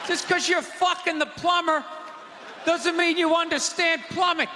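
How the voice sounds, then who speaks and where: Brief: high-voiced male stand-up comic, loud exasperated rants, live theater with crowd noise and long reverb. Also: fairly even intonation, unhurried. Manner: loud, ranting, exasperated delivery. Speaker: stand-up comedian. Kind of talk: stand-up comedy set. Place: theater stage before a live audience.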